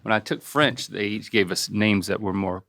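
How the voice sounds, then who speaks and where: A man in his forties co-hosts a casual podcast, playfully quizzing his father on pronunciations and spelling words out letter by letter. His voice is fairly low and fairly bright, at a normal speed.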